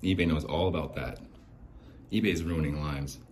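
A man hosting a podcast, ranting in exasperation, swearing and swinging between low mutters and sharp outbursts. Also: moderate pace, a little hiss or hum. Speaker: podcast host. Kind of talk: angry ranting monologue. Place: home near a window.

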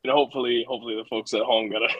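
A man's voice: medium pitch, steady tone, very fast, no echo, phone-quality sound. A man co-hosting a casual podcast in an easygoing way, chuckling and explaining things plainly. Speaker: podcast co-host. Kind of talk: casual chat.

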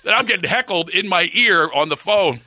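A man's voice: sits high, lively intonation, moderate pace, sharp tone, no echo. A middle-aged man telling a comic story in casual chat, stammering and laughing as he acts out the people in it. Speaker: comedian telling a story on a talk show. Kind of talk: animated anecdote, casual chat.

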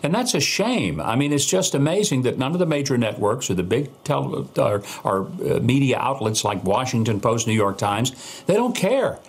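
A man's voice: mid-range voice, sing-song, normal speed, vocal fry, breathy edge. A man giving emphatic, indignant political commentary as a news guest.

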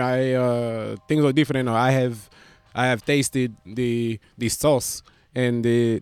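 A man's voice: mid-range voice, clear, resonant tone, no echo, voice pushed up, natural voice. A comedian putting on a boastful man with a put-on Dominican-style accent, calling the listener papi and baby. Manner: swaggering, rambling, calls listener papi and baby. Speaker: stand-up comedian.

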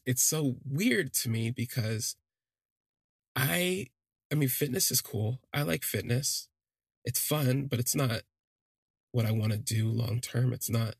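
A man's voice: medium pitch, vocal fry, breathy edge, no echo. A man telling a first-person story on a podcast in a reflective, hesitant way, often restarting his sentences.

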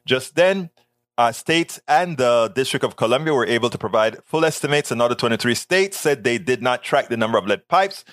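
A man hosting a political talk show, reading news articles aloud and breaking off into animated, sarcastic asides. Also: mid-range voice, a little fast, no room sound. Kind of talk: live-stream commentary reading news.

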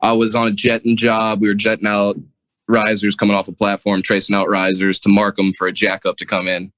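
A man in his twenties, a commercial diver and podcast guest, chatting in a relaxed way with frequent laughs. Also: on the low side, fairly quick, no room sound, poor audio. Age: 20s. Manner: laid-back, laughs often, swears freely. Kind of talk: casual podcast chat.

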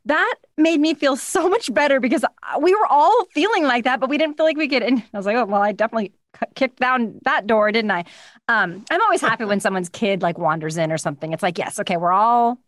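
A woman chatting as a guest in an interview, recorded from her home studio, telling animated stories and acting out the voices of the people she quotes. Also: fairly high pitch, dry recording. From United States. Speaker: guest voice actor. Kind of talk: casual interview chat. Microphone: studio microphone.

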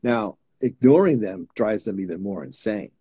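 A man's voice: fairly low pitch, lively intonation, normal speed, slightly rough, no room sound, dull audio. A man chatting casually as a guest, dry-humored and reflective. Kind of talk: casual chat.

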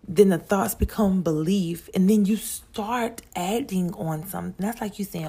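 Gravelly-voiced chatty woman podcaster. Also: medium pitch, moderate pace, darkish tone. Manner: chatty, repeats words and restarts, addresses listeners as y'all. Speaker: podcast host. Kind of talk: casual monologue.

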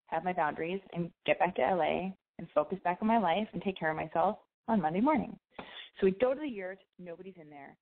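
A young adult woman telling a rambling personal story in casual chat, swearing freely and correcting herself as she goes. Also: lowish voice. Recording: tinny phone-like sound.

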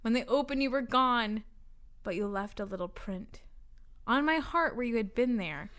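A woman's voice: a little high, expressive, normal speed, fairly bright tone. A young woman on a comedy podcast, reading cheesy poetry aloud in a teasing way and laughing along.

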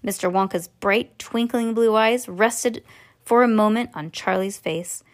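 A woman casually reading a storybook aloud to children, relaxed and sometimes stumbling over words. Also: mid-range voice, a little slow. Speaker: reader to children.

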